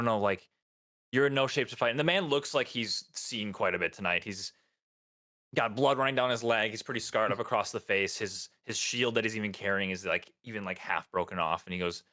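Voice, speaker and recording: A man's voice: lowish voice, fairly quick, sharp tone. A man narrating as game master in a tabletop game, rambling with many fillers.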